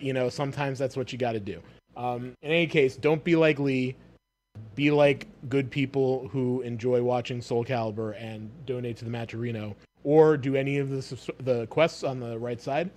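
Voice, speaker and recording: Man, esports commentator, rambling jokey pitch, headset mic. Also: a little mellow. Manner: rambling, joking promotional pitch. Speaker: tournament commentator. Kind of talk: live stream commentary.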